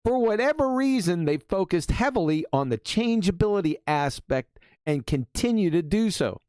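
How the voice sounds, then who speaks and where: Mocking man with a lively voice. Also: sits high, moderate pace, no room sound, studio quality. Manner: insulting, mocking. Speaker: host. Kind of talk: ranting monologue.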